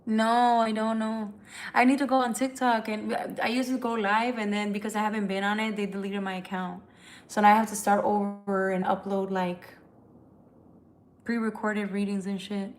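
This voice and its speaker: A woman's voice: medium pitch, little pitch movement, moderate pace. A tired woman who reads tarot, chatting candidly and emotionally with viewers on a livestream, swearing casually. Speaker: tarot reader.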